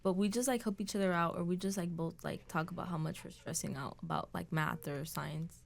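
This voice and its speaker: A woman's voice: on the low side, brisk, creaky. Hesitant teen girl, lots of ums. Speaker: student. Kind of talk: casual chat.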